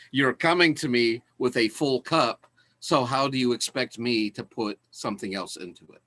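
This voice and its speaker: A man voicing a calm, wise old male Zen master in a spoken story, gentle and matter-of-fact. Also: medium pitch, moderate pace, dry recording.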